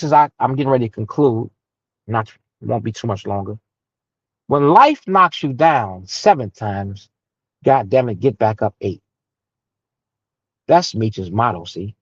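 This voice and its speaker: A man hosting a community meeting, giving a fiery, preacherly motivational speech that swings from low murmurs to loud, rising emphasis, with some profanity. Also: no echo. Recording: dull lo-fi audio.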